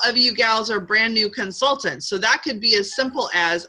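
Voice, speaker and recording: A woman's voice: fairly high pitch, moderate pace, few pauses, sharp tone, poor audio. A middle-aged woman leading a live sales training session, upbeat and coaching, drawing call-and-response from her group.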